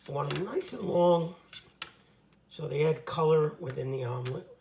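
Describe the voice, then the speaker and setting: A man with a slightly high, gravelly voice talks the camera through cooking at his home stove. He puts on a jokey Italian accent while he works, casual and chatty. Faint clinks of pans and cutlery sit behind him. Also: expressive, normal speed, mellow, slight background noise. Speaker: home cook.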